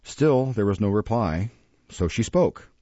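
Low, dark-voiced male audiobook narrator. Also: expressive, measured pace, no room sound, muffled recording. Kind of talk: scripted narration.

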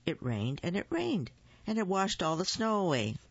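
A storyteller reading a picture book aloud at a deliberate pace, with small slips. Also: mid-range voice, huge pitch swings, slightly rough, dry recording, dull audio.

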